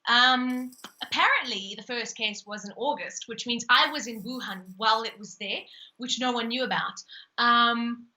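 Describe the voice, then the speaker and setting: Bright high-voiced woman guest, South African, comic, giggly storyteller. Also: normal speed, low-quality recording. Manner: giggly, animated storyteller with frequent laughs. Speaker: guest, ventriloquist comedienne. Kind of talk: casual interview chat.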